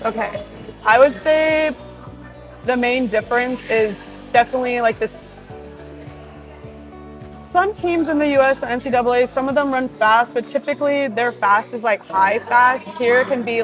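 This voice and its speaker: A woman's voice: on the high side, low-quality recording. A young woman from Hawaii, a professional volleyball player, reads fan questions aloud and answers them in a chatty, upbeat way, with plenty of "like" and "you know". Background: background music.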